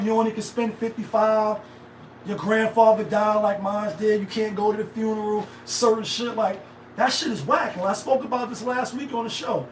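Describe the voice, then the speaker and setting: A man's voice: sits high, far from the mic, a little hiss or hum. A middle-aged man hosting a live stream, talking casually in a rambling, slang-heavy way. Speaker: livestream host. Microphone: phone set back from the speaker. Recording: echoey room, voice off-mic.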